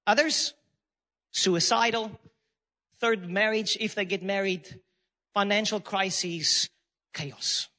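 Man, pastor, sermon, very high pitch, emphatic, loud declarations and quiet asides. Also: fairly even intonation, slow, long pauses, long reverb tail. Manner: laughs between points. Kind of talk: preaching a sermon.

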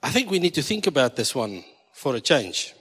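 A man's voice: medium pitch, big pitch swings, moderate pace, fairly bright tone, breathy edge. A South African man preaching a sermon, joking with his congregation and slipping into Afrikaans. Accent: South African English. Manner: jokey, switching between English and Afrikaans. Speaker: pastor. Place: church hall. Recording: long hall reverb.

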